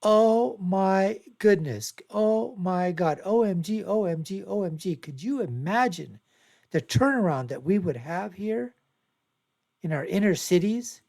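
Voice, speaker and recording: A man's voice: high-pitched, lively intonation, a little slow, gravelly, a little mellow. A man hosting his own show, giving rambling, repetitive, emphatic commentary on video clips. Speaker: show host.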